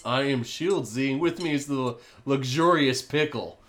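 A man hosts a casual podcast at the end of a long week. He sounds tired and talks in a loose, unhurried way, often restarting his sentences. His voice sits in the middle range. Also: mid-range voice, a little hiss or hum. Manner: loose, relaxed talk with restarts. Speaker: podcast host.

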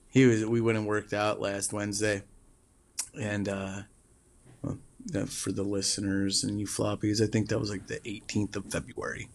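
A man in his thirties co-hosting a podcast in casual chat, rambling and laughing often as he tells stories. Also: lowish voice. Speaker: podcast co-host.

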